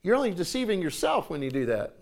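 Guy in his 40s preaching, folksy and animated, slightly high voice, repeats stuff for emphasis. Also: fast. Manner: folksy, animated storytelling with repetitions. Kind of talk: sermon.

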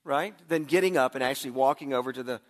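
A man's voice: mid-range voice, fast talker. A middle-aged man preaching a sermon in a conversational way, often restarting words as he begins a thought. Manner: conversational, repeats words when starting sentences. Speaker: pastor.

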